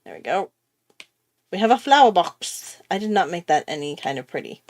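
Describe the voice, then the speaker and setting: A woman's voice: on the low side, big pitch swings, normal speed, dry recording. Woman rambling while she draws, pokes fun at herself, lots of little laughs, dry mic. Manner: chatty, self-mocking, laughs often. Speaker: artist hosting a drawing livestream. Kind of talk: casual chat while drawing.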